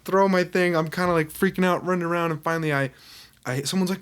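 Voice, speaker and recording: A man's voice: a little high, fast talker, a bit bright. A young adult man, a podcast guest, telling a story in casual chat and laughing often as he talks.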